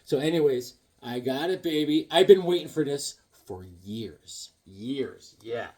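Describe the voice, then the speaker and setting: A man's voice: medium pitch, animated, unhurried, darkish tone, husky. A man hosting a casual comic book collecting vlog, playful and rambling with goofy jokes.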